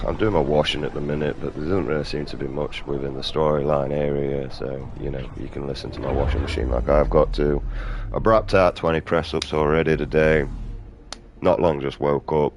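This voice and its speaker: British guy ranting and swearing over a game, real deep voice. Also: steady tone, brisk, background noise. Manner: ranting, profane, swaggering. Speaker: gaming streamer. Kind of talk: casual commentary over gameplay.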